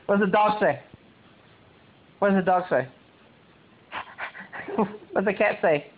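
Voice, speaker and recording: A woman's voice: mid-range voice, a little slow. A woman playing with a baby at home, asking playful, coaxing questions in baby talk. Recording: muffled lo-fi home video, faint hiss.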